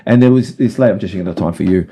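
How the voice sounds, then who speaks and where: A man speaks as a podcast guest in a casual, rambling way, giving direct advice. His voice sits a little low and sounds mellow and relaxed. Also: rapid-fire, slightly rough. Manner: acts out voices in anecdotes. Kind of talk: casual chat.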